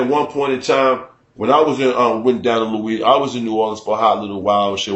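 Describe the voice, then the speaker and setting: A man from Chicago hosting a loose, profane radio rant, animated and quick to slip into mock voices. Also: lowish voice. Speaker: radio show host. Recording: roomy studio echo.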